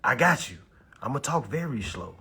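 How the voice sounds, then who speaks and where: A man hosting a livestream class, hyping his viewers, repeating phrases and urging them to comment, then slowing to hushed, deliberate talk for key points. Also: medium pitch, sing-song, breathy edge. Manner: drops to slow, hushed talk when stressing points. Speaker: live-stream host teaching about bills. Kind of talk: hyped social-media livestream class.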